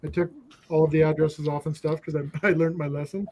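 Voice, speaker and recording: A man's voice: a little high, little pitch movement, a little fast, mellow, slight background noise. A man hosting a casual livestream chat with friends, telling stories and laughing as he goes. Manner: storytelling, laughs between lines. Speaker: livestream host.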